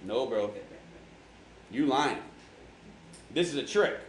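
A man's voice: medium pitch, lively intonation, slow pace, slight background noise, pitched below the performer's own voice. A man voicing a suspicious male believer who talks in slangy, dismissive bursts, in a roomy hall.

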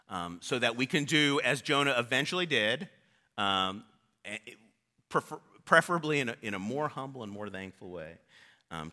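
A man's voice: on the low side, pushed and bright. A male pastor preaching a sermon in an informal, conversational storytelling way.

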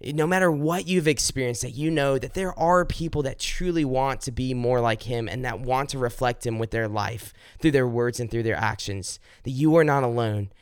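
A male faith podcast host delivers heartfelt devotional talk, speaking earnestly with frequent restarts and repeated words before praying aloud, his voice rising high and fervent when he pleads. He speaks at a moderate pace with hardly any pauses. His tone is clean, and the recording is dry with clean studio sound.

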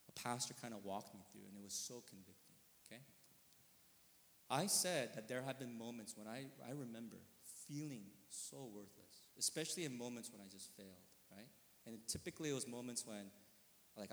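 A male pastor preaching a conversational sermon, earnest and probing, often checking in with listeners, moving from quiet reflection to sudden emphatic bursts. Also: mid-range voice. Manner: earnest, often asking listeners with tag questions. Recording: long reverb of a large hall.

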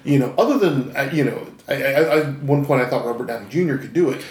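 A man's voice: mid-range voice, animated, fast talker, a little mellow. A man co-hosting a casual podcast, meandering through his thoughts with many fillers. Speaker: podcast co-host. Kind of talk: casual chat. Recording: roomy echo.

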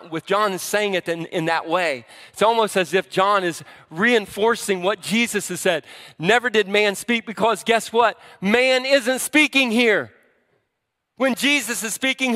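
Guy preaching a sermon, bright voice, talks casual and acts out the quotes, echoey hall. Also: a little high. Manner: conversational, animated, acts out quoted speakers. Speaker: pastor. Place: church sanctuary.

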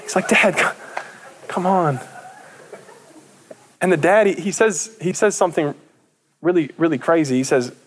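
Preacher guy telling a story casual style, bit higher voice, stumbles and restarts, does little voices for the characters. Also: a little fast. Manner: casual slang, stammered restarts. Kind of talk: sermon retelling a parable.

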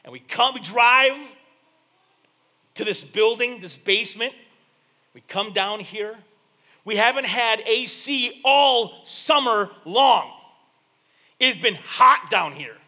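High bright-voiced male pastor preaching. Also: slow, pauses often. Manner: storytelling, conversational and animated. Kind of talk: sermon. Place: church basement.

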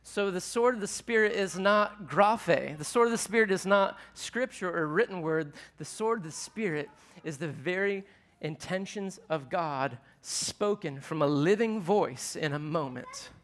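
A man's voice: sits high, animated, measured pace, a bit bright. A man preaching a sermon to a live audience in a conversational way, asking them questions as he teaches. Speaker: pastor.

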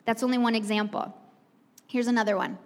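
Lady preacher, kinda high voice, casual storytelling, lots of hall echo. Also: flat delivery, fairly quick. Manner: chatty storytelling, addresses the crowd directly. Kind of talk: conversational sermon. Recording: long reverb from a hall.

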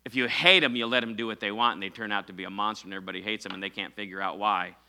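A man's voice: lowish voice, fairly even intonation, rapid-fire, bright, forceful tone, clean tone. A middle-aged man preaching a sermon as pastor, speaking conversationally with fillers and self-corrections and calling on the congregation to answer. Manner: preaching with call-and-response to the congregation.

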